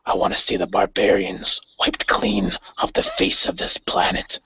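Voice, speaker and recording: A man playing a grim, cold gang leader who speaks with measured, menacing calm. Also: medium pitch, breathy edge, dry recording. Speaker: player voicing his character. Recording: dry, dull lo-fi recording.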